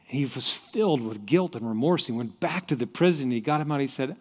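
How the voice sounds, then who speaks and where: A man hosting a motivational talk, telling a story in an animated way and acting out its voices. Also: medium pitch, brisk, hardly any pauses, big-room sound. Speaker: host.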